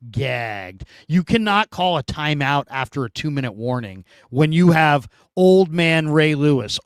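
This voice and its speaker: A man hosting a casual sports talk show, telling stories in an animated, emphatic way. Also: fairly high pitch, clear, resonant tone, no echo, studio quality.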